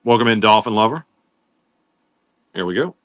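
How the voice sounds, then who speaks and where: Male live-sale host, low voice, easygoing patter greeting viewers, dry close sound. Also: expressive, moderate pace, a bit bright, no room sound. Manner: welcomes viewers by name while listing items. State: coughing now and then. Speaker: livestream seller host.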